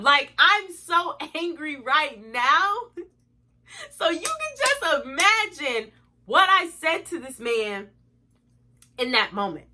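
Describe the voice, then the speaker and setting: A woman's voice: high voice, very animated, slow pace, pushed and bright. A young woman telling a storytime to her viewers, blunt, profane and indignant as she rants. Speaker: vlogger. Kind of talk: storytime rant.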